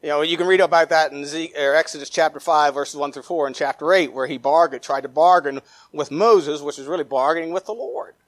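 A man preaching a sermon in a fairly high voice. He reads scripture aloud with fillers and restarts, climbs into emphatic stretches, then sinks to low, trailing drops. The sound is dry and close. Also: brisk, hardly any pauses, no room sound. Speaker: pastor.

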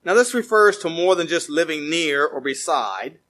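A male pastor preaching a sermon, reading scripture aloud and swinging between emphatic rises and quiet, low drops. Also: animated, normal speed.

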